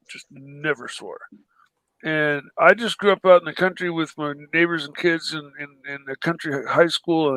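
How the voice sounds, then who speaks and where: A man's voice: a little high, fairly bright tone, no room sound, poor audio. A tired man chatting casually on a livestream, rambling, swearing freely and laughing between sentences. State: exhausted. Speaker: guest on a livestream. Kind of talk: casual chat.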